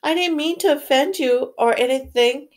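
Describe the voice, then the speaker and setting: A woman with a high-sitting, natural voice reads at a moderate pace as a worried boy wizard, pitching above her own voice. Her mood is polite.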